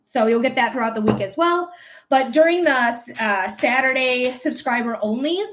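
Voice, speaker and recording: Woman, high voice, casual livestream psychic host, affectionate, rambly. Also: moderate pace, fairly bright tone, a little hiss or hum. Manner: affectionate toward viewers, calls them my love; rambling, with many fillers and restarts.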